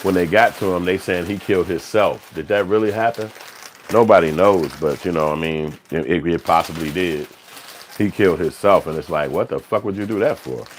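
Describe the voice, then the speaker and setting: A livestream host talks in a low voice at a moderate pace, with a little hiss or hum in the background. His casual, rambling monologue is profane and streetwise, and he slips into acted-out quotes.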